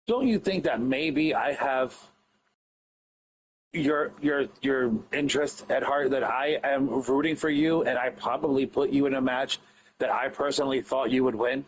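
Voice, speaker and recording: A man speaking as a podcast guest about running his own online wrestling league. He talks in an earnest, emphatic way, rambling and restarting his sentences. The audio is slightly dull and carries a faint background hiss. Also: medium pitch. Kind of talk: casual podcast chat.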